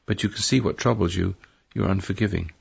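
On a call-in radio show, an older male host with a very gravelly, husky, low voice rambles fairly quickly through spiritual advice for a caller. His manner is preachy and he keeps correcting himself, while the broadcast sounds dull and lo-fi.

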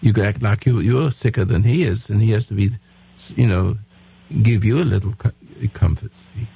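Gravelly, husky old man lecturing bluntly. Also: lowish voice, moderate pace, mellow. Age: 80s. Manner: blunt, lecturing, with frequent restarts. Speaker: radio advice host. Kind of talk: radio call-in advice.

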